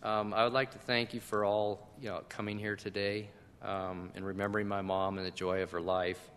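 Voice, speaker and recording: A man, the son of the deceased, reading tributes aloud at a memorial service in a church, earnest and halting with ums. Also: fairly low pitch, little pitch movement, fairly bright tone, a little hiss or hum. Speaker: son giving a eulogy. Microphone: handheld microphone. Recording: long church reverb.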